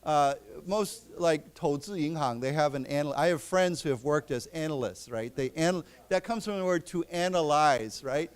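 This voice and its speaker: Man teaching English, fairly high voice, smooth tone, explains and repeats words slowly. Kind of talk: classroom lesson. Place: library lecture room.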